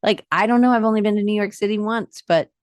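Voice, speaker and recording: A woman from Atlanta, a guest on a podcast, telling lively stories and acting out what people said. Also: medium pitch, quick pace, no echo, clean studio sound. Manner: lively storyteller who acts out quoted dialogue. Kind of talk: casual conversation.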